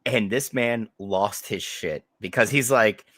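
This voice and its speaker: A man's voice: lowish voice, unhurried, fairly bright tone, no echo, studio quality. A man from Northeast Ohio co-hosting a casual podcast, arguing his points emphatically and with plenty of swearing. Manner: emphatic, profane, argumentative. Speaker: podcast co-host.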